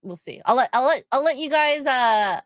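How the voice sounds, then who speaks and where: Woman co-host, chatty and animated, pitch swinging widely. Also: normal speed. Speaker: podcast co-host. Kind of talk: casual chat.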